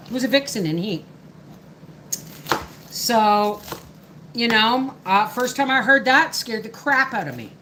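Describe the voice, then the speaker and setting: Working through her homestead live stream, this middle-aged host rambles along and answers viewers in a slightly high, lively voice. She speaks unhurriedly and pauses often, her tone a bit bright, over slight background noise in a low-quality recording.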